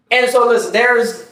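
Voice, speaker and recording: A man co-hosting a podcast, telling stories in a casual, profane, animated way. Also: very high-pitched. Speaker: podcast co-host. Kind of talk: casual chat, storytelling. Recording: echoey room, mic at a distance.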